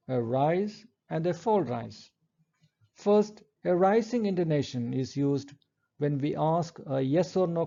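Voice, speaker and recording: A man giving a recorded English lecture, explaining step by step in a measured way and reading example sentences aloud. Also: fairly high pitch, creaky, warm tone, muffled recording.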